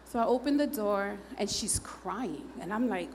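A church member gives a candid, humorous personal testimony to a congregation, chatting loosely with frequent fillers and acting out what people said. Her medium-pitched voice is a little mellow and measured in pace, with a little hiss or hum on the recording.

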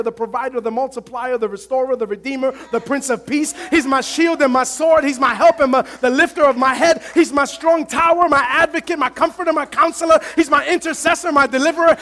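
A man's voice: very high voice, a bit bright. A male pastor preaching a sermon to his congregation, impassioned and calling out to the church.

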